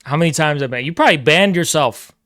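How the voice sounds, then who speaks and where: A man ranting at his livestream chat, swearing hard and repeating himself as he lectures. His voice sits a bit high and comes through smooth and resonant. The close mic sounds dry, with no room around it. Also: expressive, quick pace, a bit bright, dry recording. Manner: aggressive, profane, repetitive, lecturing. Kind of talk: heated livestream rant to chat.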